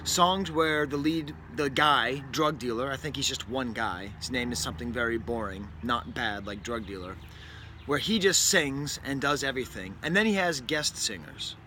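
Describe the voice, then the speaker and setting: A man's voice: mid-range voice, normal speed, bright, forceful tone. A man from New England hosting a casual record review, talking in a rambling, wry way with lots of self-interruptions and asides. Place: indoors near a window, with a bird outside. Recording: faint background noise.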